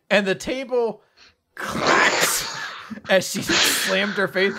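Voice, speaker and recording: Man, podcast co-host, lively delivery, bright voice, plays the characters' lines. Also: high-pitched. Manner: animated, acts out character lines in quick voices, swears freely. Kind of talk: casual manga recap chat.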